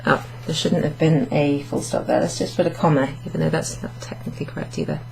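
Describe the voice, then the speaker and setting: This woman's voice is deep and gravelly, her intonation fairly even and her pace quick, with a faint hiss or hum in the recording. She teaches an online French lesson to the camera under a hot indoor studio light, explaining step by step and correcting herself aloud.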